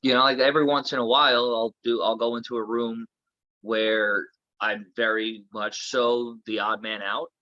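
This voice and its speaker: A man's voice: medium pitch, little pitch movement, normal speed, pushed and bright, no room sound, lo-fi sound. A man from Florida, a comedian guest chatting casually in a podcast interview, rambling with lots of filler words. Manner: rambling, filler-heavy talk.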